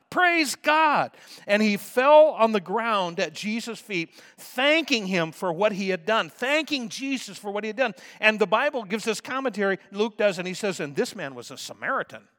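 Bright-voiced preaching man in a hall. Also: sits high, animated, normal speed, few pauses. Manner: emphatic preaching, swinging from soft to loud. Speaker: pastor. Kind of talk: sermon.

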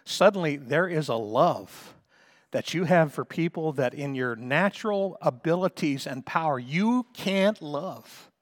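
A middle-aged man preaching a sermon, fervent and emphatic, slowing down to stretch key phrases and rising to loud peaks. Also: a little high, expressive. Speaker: pastor.

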